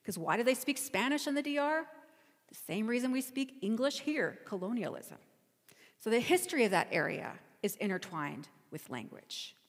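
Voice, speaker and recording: A woman's voice: on the high side, expressive, moderate pace, long reverb tail. A woman pastor giving a sermon, telling a travel story in a conversational, storytelling way. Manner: storytelling, conversational, self-correcting.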